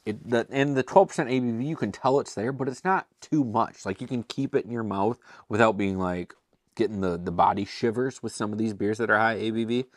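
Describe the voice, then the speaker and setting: A man's voice: on the low side, fairly quick, no room sound, clean studio sound. A man hosting a casual beer tasting review, talking chattily and enthusiastically with self-deprecating asides. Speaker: beer reviewer and show host.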